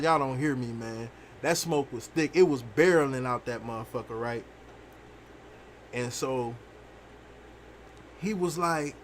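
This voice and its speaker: Young dude streaming a game, telling a wild story, cussing a lot, kinda high voice, lots of "you know what i'm saying". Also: male voice, a little hiss or hum. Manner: animated, profane, rambling with lots of fillers. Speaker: gaming streamer. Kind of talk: casual storytelling while playing a game.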